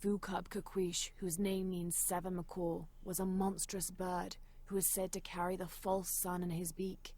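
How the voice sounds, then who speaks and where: An actress voicing a female adventurer in a video game, reading old journal entries aloud in a measured, serious way. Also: fairly low pitch, flat delivery, a little mellow. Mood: informative.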